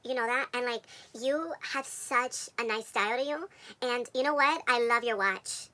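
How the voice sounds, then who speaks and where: A man voicing a frazzled old woman who begs and flatters in a breathy, fawning way. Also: very high-pitched, normal speed, pitched above the performer's own voice, heavily acted. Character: pleading frazzled old woman begging for a cigarette.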